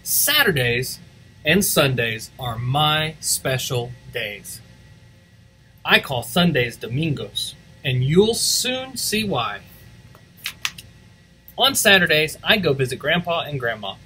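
A man giving an expressive read-aloud of a children's picture book for a school's morning announcements. His voice is bright and sits a bit high for a man, swooping lively up and down. He moves easily between English and Spanish. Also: slow pace, soft background music, poor audio.

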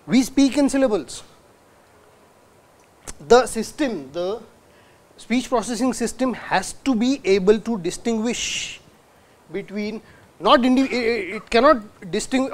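A man lectures in a hall. He keeps asking the audience questions he then answers himself. He sounds out words slowly to demonstrate them. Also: high voice. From India. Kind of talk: university lecture.

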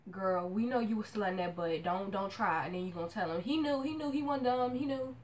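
Young woman vlogger, casual slangy rant, big swings between hushed and shrieking. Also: medium pitch, brisk, slight background noise.

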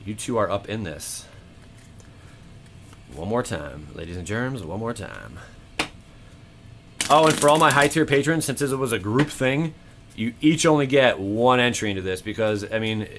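An excitable man talks casually to his viewers while he opens card packs, counting out loud and swearing freely. His voice sits a little low. Faint clicks sound in the background of his home recording. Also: slight background noise. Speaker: card-opening channel host. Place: home room.

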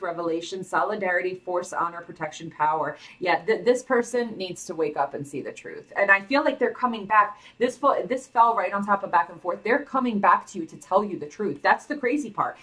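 A woman's voice: medium pitch, fairly bright tone. Chatty sassy woman reading tarot, kinda distant from the mic. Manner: sassy, chatty, heavy on fillers. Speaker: tarot reader. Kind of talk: casual tarot reading to camera.

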